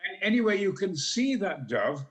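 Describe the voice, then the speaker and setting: Talk-show guest in his eighties, Yorkshire accent, high and booming, dramatic raconteur. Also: very animated, moderate pace. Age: 80s. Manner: booming, dramatic, bawdy anecdotes. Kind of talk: theatrical storytelling.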